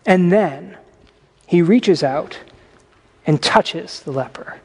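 A man preaching a sermon as pastor in a conversational way, with animated asides. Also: high voice, takes it slowly, husky, big-room sound. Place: church sanctuary.

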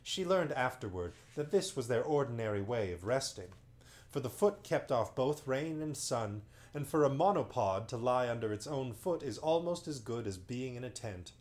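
Brief: male bedtime storyteller, medium pitch, unhurried and expressive. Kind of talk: reading a children's novel aloud on a livestream.

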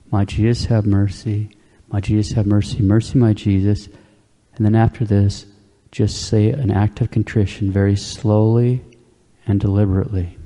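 A man preaching a sermon in a calm, plain-spoken way, checking in with his listeners with a quick "okay?" as he explains. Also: fairly low pitch, big-room sound.

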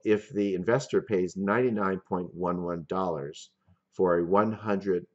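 A man with a very low voice lectures on finance and walks through each example step by step. The recording sounds dull and lo-fi. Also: measured pace, a little mellow. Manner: methodical, explains step by step with worked examples.

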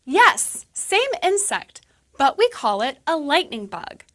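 Woman doing a chirpy english teacher in a lesson video, high voice that bounces all over, slow clear explaining. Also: very animated, fairly bright tone, full character voice. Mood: cheerful. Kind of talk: scripted educational dialogue.

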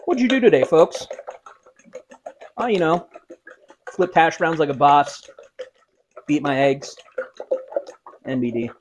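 A man's voice: a little high, big pitch swings, takes it slowly, pauses often, slight background noise. A man hosting a casual cooking vlog in a home kitchen, who cracks self-mocking jokes while he cooks. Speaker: cooking show host.

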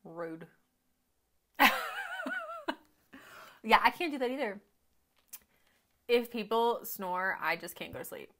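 Female reaction host, casual and talkative, expressive pitch, slips into quiet murmured asides. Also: normal speed, long pauses. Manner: chatty, thinks aloud, drops to quiet murmurs. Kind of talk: casual movie reaction commentary.

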